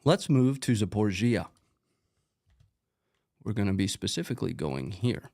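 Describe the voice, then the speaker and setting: A middle-aged man hosts a live stream, walking viewers through footage in a relaxed, conversational way. His voice sits a little low, and he drifts easily into casual asides before getting back on track. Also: moderate pace, creaky. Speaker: host. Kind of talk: live-stream commentary over combat footage.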